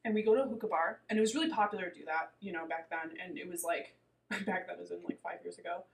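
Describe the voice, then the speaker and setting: A woman's voice: on the low side, quick pace, vocal fry, slightly rough, low-quality recording. A woman in her twenties telling a dating story in casual chat, full of fillers and "like". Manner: chatty storytelling, many fillers and "like".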